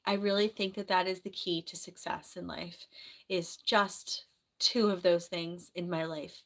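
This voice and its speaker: A woman's voice: fairly low pitch, fairly even intonation, unhurried. Chatty woman with a sore throat. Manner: chatty, rambling, soft-spoken. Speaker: live streamer. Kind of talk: casual live-stream chat reading comments.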